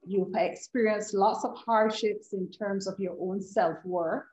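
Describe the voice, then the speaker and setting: A woman's voice: medium pitch, steady tone, unhurried, a little mellow. Woman hosting an interview in an echoey room. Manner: affirming, summarizing interviewer. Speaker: online forum host.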